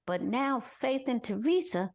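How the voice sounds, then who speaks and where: Lively older woman, casual podcast chat. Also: a little slow, gravelly. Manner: animated, mimics people with exaggerated high wails. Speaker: podcast co-host.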